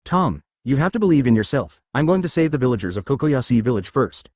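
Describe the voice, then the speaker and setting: A calm young pirate hero speaks with a lively, wandering pitch, as a man reads him aloud. The voice is close and dry. He sounds even and unhurried, like the rest of a read story. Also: no room sound.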